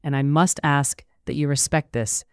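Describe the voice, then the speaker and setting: A narrator voicing a grave, restrained gentleman and older brother in a read-aloud story, with a smooth voice. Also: medium pitch, steady tone, moderate pace, dry recording, clean studio sound, close to an everyday voice. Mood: firm. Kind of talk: audiobook character reading.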